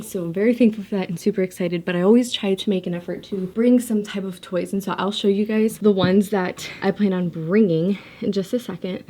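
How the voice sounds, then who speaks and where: A woman's voice: medium pitch, a little mellow, a little hiss or hum. A woman in her thirties, a mom vlogger, chatting casually at home while packing, slightly out of breath and full of "like" fillers. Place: home, indoors.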